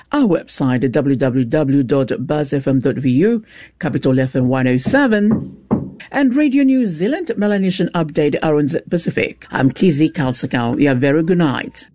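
A man's voice: on the high side, animated, normal speed, dark tone. A man reading a scripted evening news bulletin as anchor, formal with the occasional small stumble.

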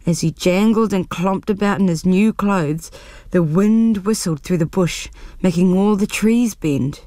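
A woman's voice: mid-range voice, measured pace, warm tone, no echo, studio quality. New woman reading a storybook.

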